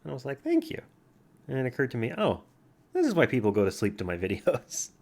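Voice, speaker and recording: Chatting casually at home while playing a word game, a man vlogs in a soothing, easygoing voice and talks to his cat. His medium-pitched voice is sing-song and darkish, at a quick pace, picked up by a computer mic placed farther back than usual.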